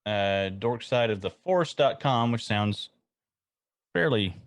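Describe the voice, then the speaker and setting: A man's voice: fairly low pitch, lively intonation, slow pace, no room sound. A man co-hosting a casual podcast, dropping dry joking asides. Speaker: podcast co-host. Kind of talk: casual chat.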